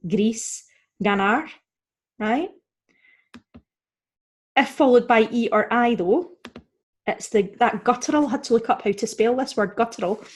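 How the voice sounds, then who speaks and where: A woman with a somewhat high voice teaches a recorded beginner language lesson. She explains each rule step by step, says the example words slowly and clearly, and keeps checking that the listener is following. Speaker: Spanish teacher.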